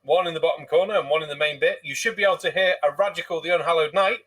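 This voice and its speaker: Guy hosting a live stream, high voice, chatty n sweary, few pints in, sits back from the mic. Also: rapid-fire, fairly bright tone, far from the mic. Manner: chatty, swears freely, jokey. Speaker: streamer host. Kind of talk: casual live-stream chat.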